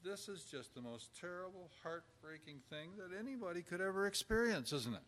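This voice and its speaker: A man's voice: high voice, animated, fairly quick, fairly bright tone. A man giving an informal lecture on caregiving with numbered points, talking conversationally and acting out example dialogue. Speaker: instructor on pastoral caregiving.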